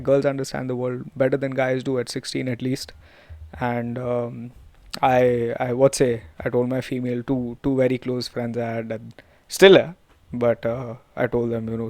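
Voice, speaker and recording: A man's voice: medium pitch, a little mellow, no room sound. Young Indian man, podcast host, rambling profane storyteller who mixes in Hindi, dry close recording. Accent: Indian English. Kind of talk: casual storytelling monologue.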